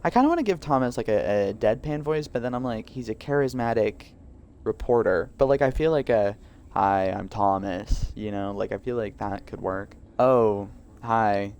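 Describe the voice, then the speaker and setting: A man's voice: mid-range voice, muffled recording, a little hiss or hum. Joking young man narrating gameplay. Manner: joking, animated, quick asides. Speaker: gaming channel host. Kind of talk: casual gameplay commentary.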